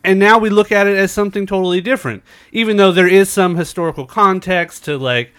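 A man's voice: sits high, fast, a bit bright, smooth, dry recording, clean studio sound. A man hosting a podcast in casual chat, asking questions in a loose, easygoing way and swearing now and then.

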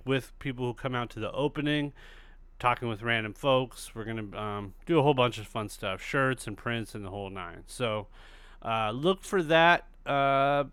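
A man's voice: medium pitch, fairly bright tone, smooth, no echo. A man hosting his podcast in casual chat, rambling and loose, swearing freely. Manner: rambling, loose and profane, with many fillers. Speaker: podcast host.

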